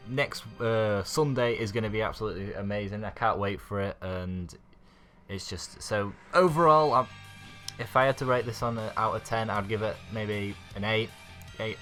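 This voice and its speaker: A man's voice: fairly low pitch, pushed and bright. Rambling man recapping an episode. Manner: rambling, filler-heavy, chuckles often. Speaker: YouTube anime reviewer.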